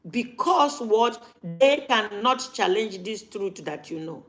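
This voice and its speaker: A woman's voice: medium pitch, expressive, slow, fairly bright tone. A woman, talking casually to camera as a vlogger and repeating her points for emphasis.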